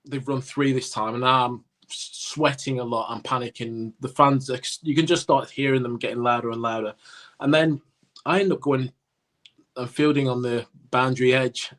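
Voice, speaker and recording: A man's voice: mid-range voice, moderate pace. A man telling a cricket anecdote on a casual podcast, acting out what people said. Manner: animated anecdote-telling with acted-out quotes. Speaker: podcast co-host, former cricketer. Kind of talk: casual storytelling.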